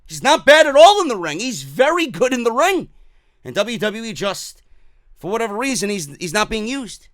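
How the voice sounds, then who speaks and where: A man's voice: sits high, sing-song, moderate pace, a bit bright, dry recording. A man with a New York accent hosting a wrestling talk show, giving blunt, profane, emphatic opinions in casual commentary.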